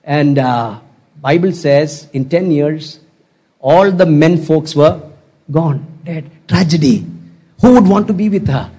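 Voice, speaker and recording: A man's voice: a little high, slow pace, dark tone, slightly rough. A man preaching a sermon as a pastor, exhorting and repeating his points and calling on the congregation to respond. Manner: exhorting, repetitive, calls for audience response.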